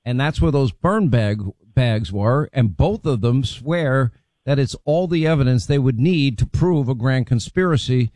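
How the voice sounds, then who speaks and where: A man's voice: medium pitch, expressive, a little slow, darkish tone, no room sound. A man hosting an interview, talking in an assertive way and stating his predictions. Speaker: host. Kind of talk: interview talk.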